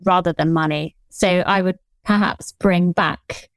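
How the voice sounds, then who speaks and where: A woman with a southern English accent, a historian guest answering interview questions in an articulate, measured, lightly amused way. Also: lowish voice, fairly even intonation, smooth, no echo. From England.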